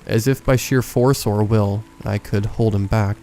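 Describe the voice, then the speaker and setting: A man with a low, mellow voice narrates a horror story in a measured, hushed way. Soft music plays faintly underneath his scripted reading. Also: steady tone. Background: faint background music.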